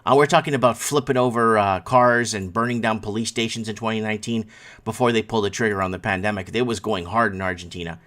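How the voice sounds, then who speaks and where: A man's voice: on the low side, steady tone, fast, a bit bright. Rambling male live-stream host. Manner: rambling, reacts to chat comments. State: yawning, sleepy. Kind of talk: casual live-stream commentary.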